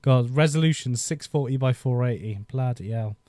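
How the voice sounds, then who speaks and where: A man's voice: mid-range voice, normal speed, mellow, no echo. A man in his thirties chatting casually on a live stream, rambling and nostalgic, often laughing as he talks into a desk microphone. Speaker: YouTube host.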